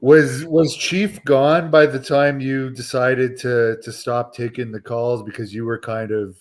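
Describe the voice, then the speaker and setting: A man's voice: mid-range voice, steady tone, unhurried. A man hosting an interview and asking conversational follow-up questions.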